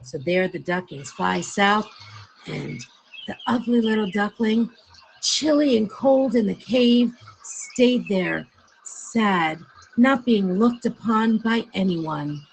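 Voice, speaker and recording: A woman narrating a fairy tale on a live stream in an earnest, unhurried way. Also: mid-range voice, animated, creaky, a little hiss or hum, poor audio. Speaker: storyteller.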